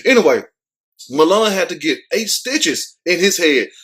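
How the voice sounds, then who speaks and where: A man's voice: high-pitched, very animated, measured pace, fairly bright tone. A man hosting a show, giving casual, joking news commentary full of cursing and street slang. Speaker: show host.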